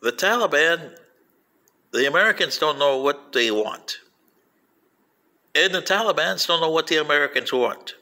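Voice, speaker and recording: An older man rambling through a personal anecdote, acting out quoted voices with lively storytelling. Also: a little high, moderate pace, pauses often. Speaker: vlogger playing an alien commentator.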